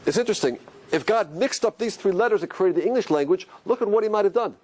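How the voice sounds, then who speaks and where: Guy lecturing about hebrew letters, voice goes up and down a lot, slightly higher pitch, lil bit of hiss behind. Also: fast. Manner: questioning, rhetorical, animated. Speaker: Torah teacher.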